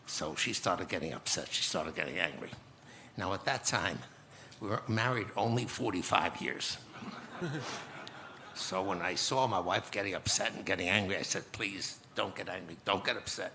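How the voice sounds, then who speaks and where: Gravelly, deep-voiced man in his nineties. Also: pushed and bright, a little hiss or hum. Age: 90s. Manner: measured, reflective storytelling with pauses. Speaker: conference guest speaker. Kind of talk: recounting memories on stage. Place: conference stage.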